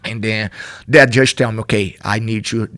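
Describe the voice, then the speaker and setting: A middle-aged man with a Brazilian accent speaks English as a second language, his voice sitting on the low side. He tells his story earnestly and repeats key words for emphasis. The sound is close and dry, with no room around it. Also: steady tone, moderate pace, pushed and bright, dry recording. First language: Portuguese. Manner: earnest, non-native grammar, emphatic repetition. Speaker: podcast guest, jiu-jitsu instructor. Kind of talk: candid personal story in conversation.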